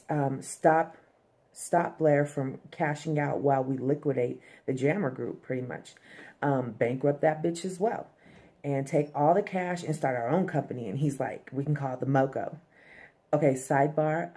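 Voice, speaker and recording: Low, mellow-voiced woman recapping casually. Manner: chatty, frequent "um", addresses viewers as fam and y'all. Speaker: TV episode recapper.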